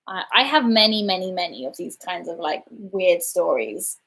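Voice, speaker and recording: A woman's voice: lowish voice, animated, normal speed, fairly bright tone, husky. Woman, casual livestream storytelling, rambling, self-deprecating. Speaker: livestream host.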